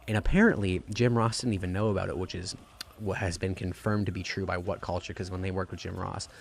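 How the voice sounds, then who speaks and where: Low-voiced profane excited man. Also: quick pace, creaky, a little hiss or hum. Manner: profane, rambling, gushing. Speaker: wrestling reviewer. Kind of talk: excited casual review.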